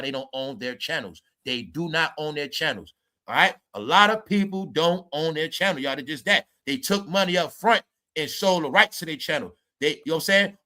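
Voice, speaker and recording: Brash high-voiced man ranting. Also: sharp tone. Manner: brash, mocking, repeats "y'all" and "bro". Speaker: commentary streamer. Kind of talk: ranting commentary.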